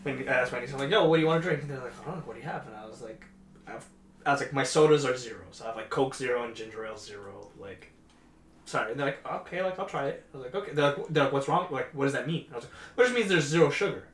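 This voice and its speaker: A man's voice: medium pitch, racing, a bit bright, slight background noise. A man co-hosting a podcast, telling a long rambling story in casual chat, full of "like" and quoted back-and-forth. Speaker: podcast co-host. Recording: roomy echoey room.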